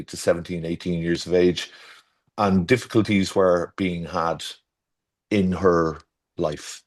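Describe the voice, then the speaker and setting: A man with a deep, low voice chats casually as an interview guest. He rambles, restarts his sentences and drifts into storytelling asides, correcting himself as he goes. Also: a little mellow. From Ireland. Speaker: garden designer guest.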